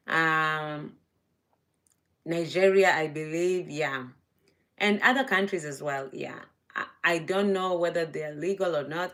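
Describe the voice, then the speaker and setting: A woman hosting a casual livestream, talking slowly and sleepily. Her voice sits a little low, and she drifts between thoughts with soft "yeah"s. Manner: unhurried, thoughtful, trailing off with "yeah". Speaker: livestream host.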